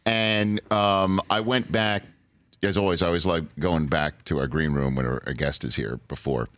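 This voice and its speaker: A man's voice: deep voice, fairly even intonation, normal speed, fairly bright tone, no echo. A man hosting a talk show, telling a rambling, self-interrupting story in casual chat.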